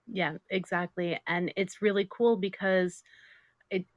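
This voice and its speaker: A middle-aged woman guest telling stories in a casual interview, animated and laughing often. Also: fairly low pitch, a little slow, dry recording, muffled recording. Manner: animated storytelling, laughs a lot.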